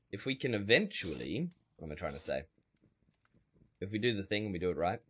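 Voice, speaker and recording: A man's voice: low-pitched, sing-song, a little fast, long pauses, fairly bright tone, slightly rough. A man streaming a survival game, rambling in a wry way and chatting with his viewers. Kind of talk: casual gameplay commentary.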